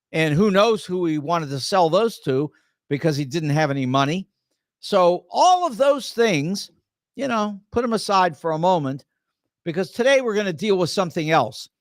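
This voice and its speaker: An older American man hosts a political talk show in a fairly high voice. He sounds indignant and sarcastic, stumbling and repeating words as he restarts thoughts. The recording is dry and close. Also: no echo. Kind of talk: political commentary monologue.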